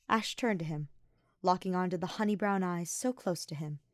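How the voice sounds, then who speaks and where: A woman narrating a fan fiction story in a steady, reflective reading voice. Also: fairly low pitch, brisk, dry recording, clean studio sound. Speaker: podfic reader.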